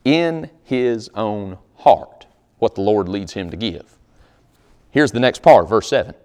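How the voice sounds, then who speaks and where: A man's voice: fairly low pitch, animated, slow, a little mellow. A man preaching a sermon as pastor, speaking conversationally with jokes and reading scripture aloud.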